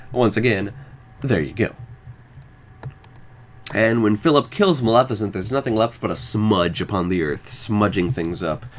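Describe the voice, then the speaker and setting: A man's voice: on the low side, a little hiss or hum. A man hosting a podcast, reading a scripted film review in a wry, enthusiastic way. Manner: wry, enthusiastic, lively intonation. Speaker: podcast host.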